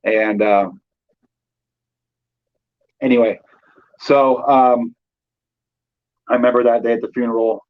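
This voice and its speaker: A man's voice: mid-range voice, steady tone, takes it slowly, long pauses, narrow, tinny audio. A man in his thirties from Northern California, a guest telling his life story in loose casual talk with many fillers. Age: 30s.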